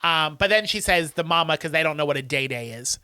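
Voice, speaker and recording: A man co-hosting a casual podcast who walks through a film's plot scene by scene. He slips into the characters and pitches his voice up for their lines. His tone is bright and very clean, recorded close and dry. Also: fast, smooth, no room sound. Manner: animated retelling, acts out characters in raised voices. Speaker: podcast co-host. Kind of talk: casual chat recapping a film.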